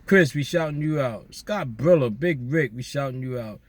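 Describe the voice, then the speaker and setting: Male vlogger, casual slangy shout-out chat, outdoors at night. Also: medium pitch, normal speed, dry recording. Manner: relaxed slangy banter with listeners. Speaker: vlogger doing viewer shout-outs.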